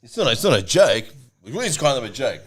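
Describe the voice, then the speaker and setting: A man with an Australian accent telling a pub story in casual chat, blunt and swearing, with lots of animated storytelling. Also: medium pitch, fast talker. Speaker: podcast co-host.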